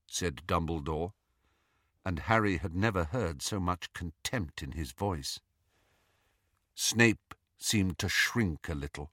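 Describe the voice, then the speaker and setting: Male narrator, slow deliberate read, low and lively, bright dry sound. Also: no echo. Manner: even, unhurried storytelling. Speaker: audiobook narrator. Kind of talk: scripted narration.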